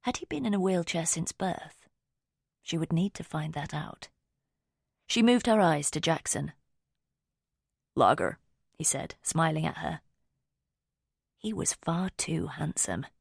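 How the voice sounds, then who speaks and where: A woman reading a mystery audiobook in a steady, measured storytelling voice. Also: deep voice, vocal fry, slightly rough, no echo, studio quality. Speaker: audiobook narrator. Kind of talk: scripted narration.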